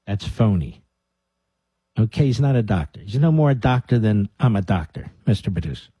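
A man's voice: fairly low pitch, sing-song, normal speed, mellow, slightly rough, no echo, lo-fi sound. A man hosting a talk radio show, sarcastic and combative, stopping clips to mock them.

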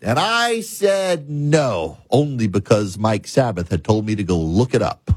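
A man's voice: mid-range voice, a little mellow, slightly rough, no echo. A man hosting a talk show monologue, telling stories and explaining things in an emphatic way.

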